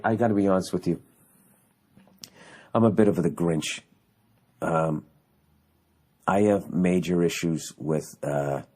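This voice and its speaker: A man hosting a podcast, delivering a profane, sarcastic comedic rant that rambles through restarts and asides. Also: fairly low pitch. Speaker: podcast host.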